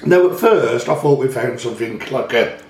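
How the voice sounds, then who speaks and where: A man's voice: mid-range voice, lively intonation, moderate pace, echoey room. A man hosting a magnet fishing channel, chatting casually and rambling a little as he shows his finds. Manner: chatty, rambling, self-correcting. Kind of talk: casual chat showing finds.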